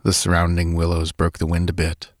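Low-voiced man reading a story, dry sound. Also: completely flat delivery, dry recording. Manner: measured, deliberate reading. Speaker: audiobook narrator. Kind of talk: scripted story narration.

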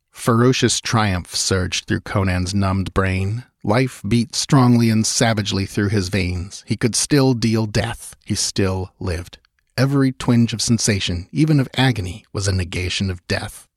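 A man narrating an adventure audiobook in a measured, dramatic way. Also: fairly low pitch, dry recording, clean studio sound. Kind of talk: scripted narration.

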